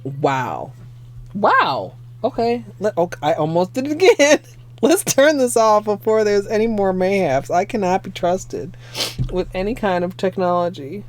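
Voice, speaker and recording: A young adult woman streamer chatting casually at home, excitable and given to swearing, teary-eyed and sniffling. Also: mid-range voice, a little slow. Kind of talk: casual livestream chat.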